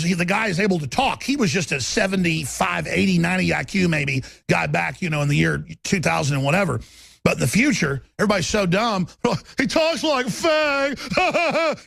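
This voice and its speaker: Gravelly, raspy ranting talk radio man. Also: sits high, fairly quick, a bit bright, no echo, studio quality. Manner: combative, ranting, emphatic.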